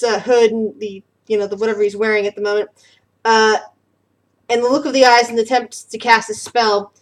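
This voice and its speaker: A woman narrating as game master of a tabletop game, casual and halting. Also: fairly high pitch. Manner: casual, hesitant narration with fillers.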